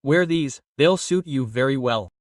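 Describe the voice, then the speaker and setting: A man voicing a gentle, wealthy young husband in a drama recap, speaking lightly and warmly. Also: medium pitch, lively intonation, measured pace, no echo, studio quality, distant mic, natural voice. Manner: warm and light.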